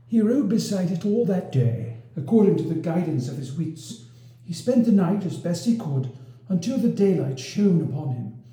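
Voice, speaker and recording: Expressive high-voiced male storyteller. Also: moderate pace. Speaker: narrator. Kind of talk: storybook reading of a medieval romance. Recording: roomy echo.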